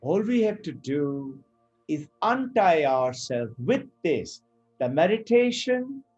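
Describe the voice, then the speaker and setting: A middle-aged man teaching Vedanta, telling a story in an animated way and acting out the characters' lines. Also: on the high side, breathy edge, dull audio. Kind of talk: spiritual talk with storytelling.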